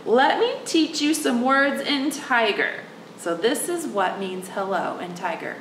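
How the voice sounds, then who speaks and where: A woman's voice: mid-range voice, moderate pace, reverberant, recorded from a distance, a little hiss or hum, rough recording. A woman working as a children's librarian, reading a picture book aloud and coaxing young children to join in. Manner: animated, coaxing, speaks directly to the kids.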